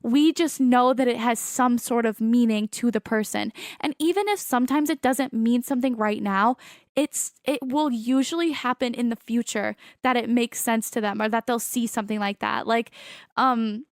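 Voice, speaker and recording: Chatty high-voiced woman podcaster. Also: normal speed, no echo, studio quality. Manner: chatty, many fillers and self-corrections. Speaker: podcast host and medium. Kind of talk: casual chat.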